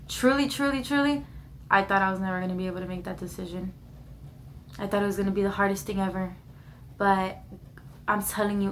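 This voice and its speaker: A woman's voice: medium pitch, creaky, a bit bright, slight background noise. Earnest young woman sharing her story. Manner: earnest, repeats phrases for emphasis. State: emotional at times. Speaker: vlogger sharing her testimony. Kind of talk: personal testimony to camera.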